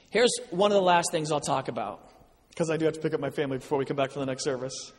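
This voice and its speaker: A man giving a sermon full of personal stories, acting out the dialogue in an animated way. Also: on the high side. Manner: animated storyteller, acts out dialogue. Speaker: guest speaker. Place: large church hall. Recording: church hall with long reverb.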